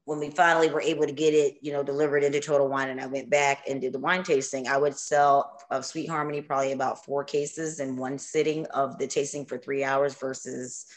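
A woman, a guest on a talk show, talking about her business in a relaxed, conversational way and chiming in often. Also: extremely low pitch, a little fast, few pauses. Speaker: guest, wine business co-founder. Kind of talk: casual interview chat.

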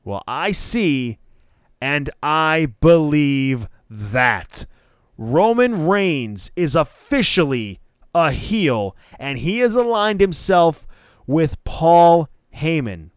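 A man's voice: on the high side, big pitch swings, extremely slow, clear, resonant tone, no echo, studio quality. A man hosting a casual wrestling podcast, giving opinionated takes and often correcting himself mid-sentence. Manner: opinionated, rambling with frequent self-corrections. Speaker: podcast host.

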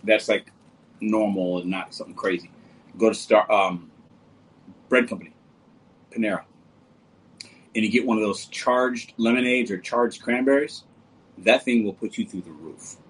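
Male livestream host, relaxed and jokey, slightly low voice. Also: normal speed, long pauses, breathy edge, low-quality recording. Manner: laid-back, joking, talks to viewers as brother and bro. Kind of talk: casual livestream chat reading comments.

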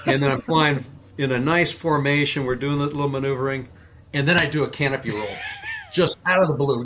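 Man telling animated pilot stories. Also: mid-range voice, quick pace, a little hiss or hum. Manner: animated, acts out quoted dialogue. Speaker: guest, former fighter pilot. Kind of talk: casual storytelling interview.

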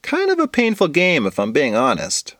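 A man's voice: fairly high pitch, wildly swooping pitch, normal speed, fairly bright tone, dry recording, studio quality, voice pushed up. A man voicing a cheerful, imaginative young schoolgirl with a teasing, bubbly manner.

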